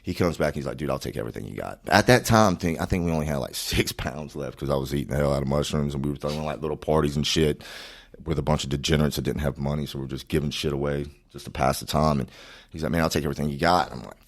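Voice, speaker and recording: A man's voice: extremely low pitch, fairly even intonation, fast. A man from Florida, telling a long story in casual, profane, rambling podcast chat. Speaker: podcast guest.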